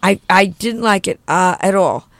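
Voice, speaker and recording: An older woman guest in an interview, brash and joking with quick comebacks. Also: mid-range voice, no echo.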